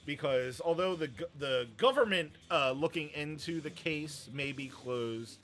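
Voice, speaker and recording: A man's voice: fairly high pitch, unhurried, a bit bright. A man hosting a wrestling show, chatting casually about the news and giving his opinions, with a rambling manner and many fillers.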